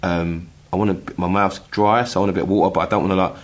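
A middle-aged man from England telling a personal story in casual chat, halting with many restarts and acting out the voices he quotes. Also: low-pitched, fairly even intonation. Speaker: guest telling his story.

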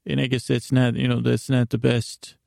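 A man telling a rambling comedic story in a deadpan, awkward way, stammering and correcting himself often. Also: medium pitch, normal speed, vocal fry, dry recording, studio quality. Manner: stammering, with many restarts and self-corrections.

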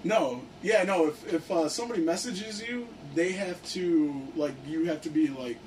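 Young man, casual storytelling, profane, says "like" a lot, slightly high voice, recorded from across the room, faint background hiss. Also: normal speed. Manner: excited, profane, heavy use of "like". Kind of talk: casual storytelling among friends. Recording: distant mic with faint background noise.

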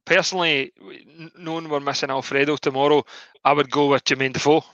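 A man, co-hosting a casual football podcast, animated and opinionated. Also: a little high, fast talker, no echo, highs cut off. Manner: animated, opinionated, restarts often. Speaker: podcast co-host.

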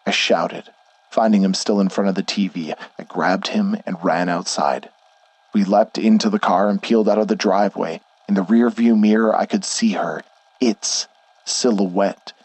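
A man narrating a horror story in a measured, deliberate way. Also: sits low, fairly even intonation, a little mellow, breathy edge, no echo.

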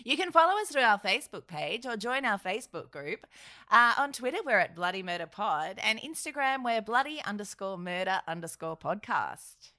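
A woman's voice: medium pitch, sing-song, moderate pace, bright, forceful tone. A woman co-hosting a podcast, teasing her partner sarcastically and laughing often. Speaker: podcast co-host. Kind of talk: casual banter.

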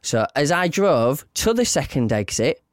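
Man, podcast co-host, animated storytelling, lively pitch, dry mic. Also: measured pace, no echo. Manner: animated storyteller, acts out what people said. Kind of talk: casual chat.

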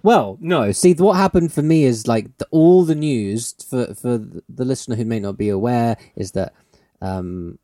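Excitable, laughing man with a mellow voice. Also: medium pitch, unhurried, no echo, clean studio sound. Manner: excitable, swears a lot, laughs often. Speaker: podcast co-host. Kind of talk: casual chat.

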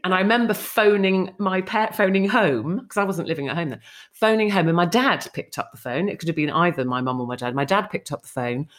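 A woman's voice: lowish voice, brisk. A middle-aged woman, a TV presenter, telling anecdotes animatedly in an interview and acting out quoted speech. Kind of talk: chatty anecdotal storytelling.

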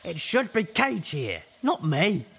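A man's voice: high-pitched, huge pitch swings, slow, fairly bright tone, a little hiss or hum, voice pushed up, heavily acted. A man voicing a brash, foul-mouthed teenage female griffin, talking bluntly and crudely in a storybook reading.

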